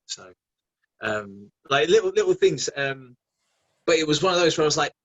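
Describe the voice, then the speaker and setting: A man, a guest actor chatting casually in an interview, animated and quick to laugh. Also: fairly high pitch, dull audio. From England. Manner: animated, laughing, many restarts.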